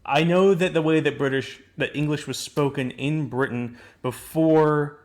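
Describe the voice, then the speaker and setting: A man's voice: a little high, steady tone, measured pace. A young man hosting a casual chat, asking probing questions and reasoning through answers aloud. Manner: inquisitive, questioning. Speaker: host.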